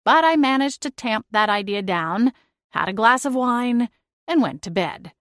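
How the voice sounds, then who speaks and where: A woman's voice: fairly high pitch, animated, unhurried, fairly bright tone, no room sound, clean studio sound. A woman narrating a cozy first-person audiobook, reading expressively and acting out exasperated dialogue.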